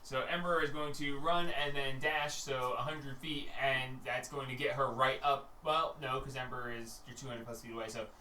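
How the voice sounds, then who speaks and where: A man running a tabletop game as game master, narrating lively and acting out characters. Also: medium pitch, moderate pace, few pauses. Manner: lively, acts out characters with shouts and laughs. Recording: echoey room, distant mic, faint hiss.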